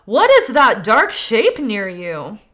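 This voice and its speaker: A tricky little female fox who scolds and jeers, read aloud by a woman. The voice is bright and lively, rising and dropping freely. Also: on the high side, a little slow, full character voice. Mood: chiding. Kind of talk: casual podcast reading.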